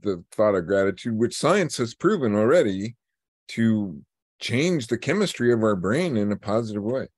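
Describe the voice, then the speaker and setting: A man's voice: lowish voice, big pitch swings, moderate pace, darkish tone, no room sound, clean studio sound. A man co-hosting an interview podcast, chiming in with short remarks. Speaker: podcast co-host. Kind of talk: casual interview chat.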